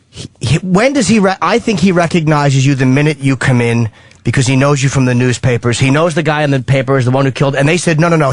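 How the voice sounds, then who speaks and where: A man's voice: mid-range voice, dry recording. A man hosting a radio talk show, asking eager fan questions and laughing easily. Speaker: radio host. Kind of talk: casual radio interview.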